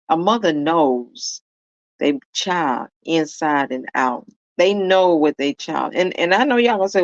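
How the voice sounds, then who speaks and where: This commentator is a woman with a deep, expressive voice who speaks at a measured pace while reacting to a video. She casually tells a story and addresses her viewers directly as "y'all," in a lo-fi recording without any room sound.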